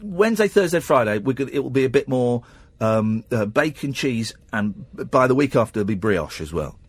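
A man's voice: medium pitch, big pitch swings, fairly quick, breathy edge, no room sound. A man with an English accent hosting a late-night radio phone-in, rambling and teasing with lots of stammered restarts. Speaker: radio host. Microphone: studio microphone.

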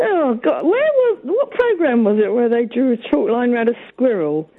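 A chatty, giggly woman on a radio panel with a high voice that swings up and down. Her voice has a rough, husky grain. It comes over a tinny, phone-like line. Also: big pitch swings, measured pace. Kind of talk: casual radio chat.

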